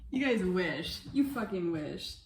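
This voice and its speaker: Excitable woman baking in an echoey kitchen. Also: fairly low pitch, unhurried, slight background noise. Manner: excitable, swears freely, laughs often. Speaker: baking vlogger. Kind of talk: casual cooking vlog chat. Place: home kitchen.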